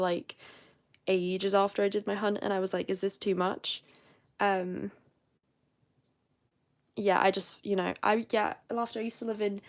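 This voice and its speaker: A young woman with a posh southern English accent, chatting casually and rambling as host of a live stream. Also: medium pitch. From southern England.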